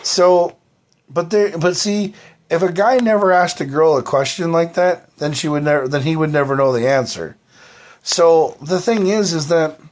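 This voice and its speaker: A man holding forth on his own live stream in a slightly high voice. He wanders from point to point, swears freely and fills the gaps with "you know" and "like". The talk is loose, unscripted and off the cuff. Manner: profane, rambling, heavy fillers. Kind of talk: rambling live-stream monologue.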